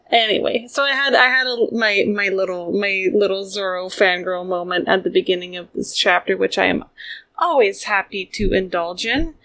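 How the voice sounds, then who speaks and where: A woman's voice: mid-range voice, moderate pace, a bit bright, no echo. A young woman co-hosting a podcast, chatting playfully and gushing about a manga chapter. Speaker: podcast co-host. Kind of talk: casual chat about manga.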